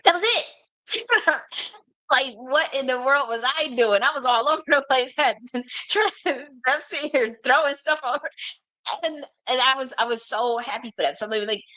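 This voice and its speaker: Animated rambling woman telling a story. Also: sits high, moderate pace. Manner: animated, rambling, laughs often, swears freely. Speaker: spiritual reader and teacher. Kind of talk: casual storytelling monologue.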